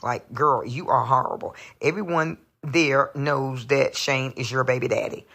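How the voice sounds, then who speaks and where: A woman's voice: a bass voice, unhurried, creaky, a bit bright. A woman calling in to a show, giving a blunt, chatty opinion and repeating herself for emphasis. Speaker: caller. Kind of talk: casual phoned-in review.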